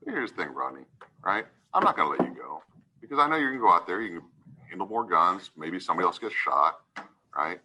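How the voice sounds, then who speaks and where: Sharp-toned judge lecturing firmly. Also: male voice, low voice, very animated, fast talker, slight background noise, poor audio. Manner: lecturing, keeps asking "right?". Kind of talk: stern courtroom lecture. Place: courtroom.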